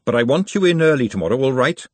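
A man's voice: fairly high pitch, very animated, brisk, breathy edge, dry recording, pitched above the performer's own voice. A man voicing a sensible, bossy young working woman who talks in a firm, scolding way.

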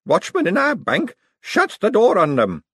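A man voicing a very small, elderly, prim and quietly ruthless old woman in an audiobook. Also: high voice, huge pitch swings, unhurried, breathy edge, no room sound, clean studio sound, voice pushed up, full character voice. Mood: genteel. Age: older. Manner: fussy, prim, genteel. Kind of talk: audiobook character voice.

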